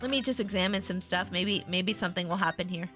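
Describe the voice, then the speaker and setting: A woman's voice: on the low side, quick pace, a bit bright, soft background music. A young woman streaming a video game, chatting casually and giggling often. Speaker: VTuber streamer.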